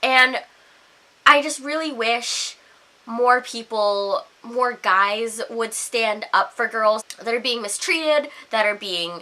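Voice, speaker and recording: Brief: young female vlogger, high bright voice, animated profane rant. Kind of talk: storytime rant.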